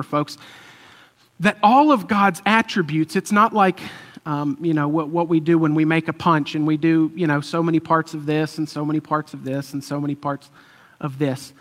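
A man's voice: fairly high pitch, moderate pace, fairly bright tone. A man preaching a conversational sermon, telling a story loosely with fillers and chuckles. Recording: long hall reverb.

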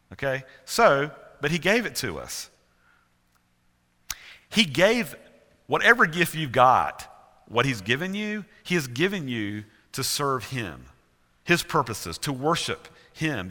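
A man's voice: medium pitch, pushed and bright. A male pastor with a Southern US accent preaching a sermon earnestly, with emphatic repetition. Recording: reverberant church hall.

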